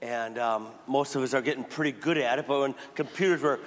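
A man's voice: medium pitch, brisk. A man giving a sermon as a priest, telling stories in a conversational way and acting out little quotes. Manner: conversational storytelling with acted quotes. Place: church. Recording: long hall reverb.

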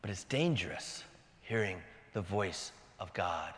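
A man preaching a sermon in a dramatic manner, swinging from shouting to hushed whispers. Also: sits low, animated, a little slow, long reverb tail.

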